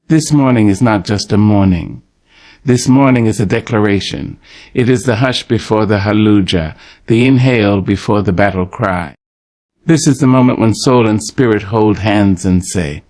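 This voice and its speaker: A man delivering a poetic morning prayer in a slow, rhythmic, preacherly manner, speaking tenderly to the listener. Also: on the low side. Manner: tender, pastoral address to the listener. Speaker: prayer narrator.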